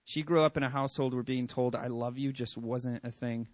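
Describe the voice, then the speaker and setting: A man in his forties preaching a sermon as a pastor, earnest and rising to loud, emphatic stretches as he tells stories about his children. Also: medium pitch, steady tone, a little fast, no room sound.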